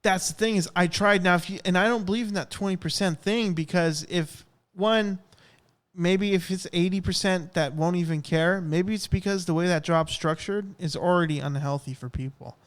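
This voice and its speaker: A young man co-hosting a podcast, telling rambling, animated stories in casual chat. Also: high-pitched, moderate pace. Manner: rambling, animated storytelling with acted-out quotes. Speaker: podcast co-host.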